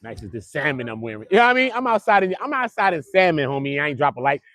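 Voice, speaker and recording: A young man talks fast and animatedly on a casual livestream, his pitch bouncing high and low. He jokes with viewers in loose slangy banter while standing outdoors by a courthouse. The sound is close and dry. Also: sing-song, a bit bright, dry recording. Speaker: livestream host.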